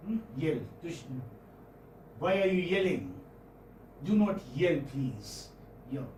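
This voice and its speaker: A man with an Indian English accent giving a classroom phonetics lecture, halting and often checking in with students. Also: fairly high pitch, sing-song, darkish tone, a little hiss or hum. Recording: roomy classroom audio from far off.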